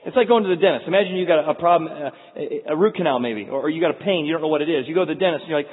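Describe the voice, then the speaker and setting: Guy preaching, high husky voice, sounds like a phone line in a big echoey hall. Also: very fast, few pauses. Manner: animated storytelling with frequent restarts. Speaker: pastor. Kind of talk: sermon.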